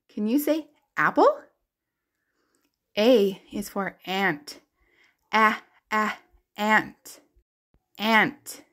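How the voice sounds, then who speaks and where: A woman teaching the alphabet to toddlers in a slow, sing-song, exaggerated way, with playful animal sounds. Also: on the high side, animated, fairly bright tone. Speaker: children's educator.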